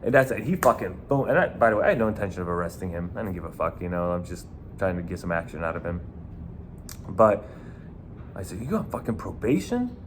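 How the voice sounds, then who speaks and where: A man's voice: deep voice, fast talker, a little hiss or hum. Profane New York ex-bouncer man. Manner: profane, rambling, animated. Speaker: former nightclub bouncer. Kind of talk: casual storytelling.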